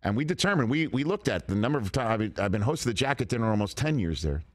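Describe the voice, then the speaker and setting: Middle-aged guy on a sports talk show, super lively up-and-down voice, excited storytelling. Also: medium pitch, quick pace. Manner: animated, excited retelling with restarts. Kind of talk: casual studio chat, storytelling. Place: studio.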